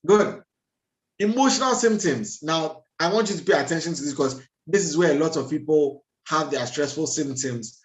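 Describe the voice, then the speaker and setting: A doctor gives a health talk over a video call, his voice pitched a little high for a man. He lectures with energy, acting out little everyday scenes and laughing at his own habits. The sound comes through with a roomy echo. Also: moderate pace.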